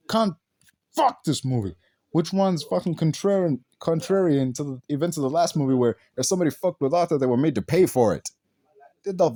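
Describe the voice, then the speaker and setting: A man's voice: fairly high pitch, dark tone, dry recording. A man ranting through a film review, exasperated and swearing heavily, firing off rhetorical questions. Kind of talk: profane ranting movie review.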